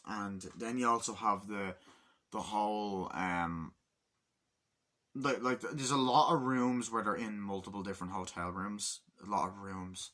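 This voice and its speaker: Male home film reviewer, lowish voice with a bright edge, rambling, excitable, swears freely. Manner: rambling, enthusiastic, swears casually. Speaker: movie reviewer. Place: room at home with window open.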